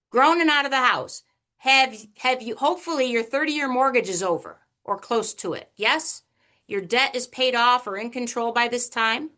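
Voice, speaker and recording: A woman presenting a money workshop over a video call, chatty and animated, teasing the audience with questions. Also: a little high. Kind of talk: online workshop lecture.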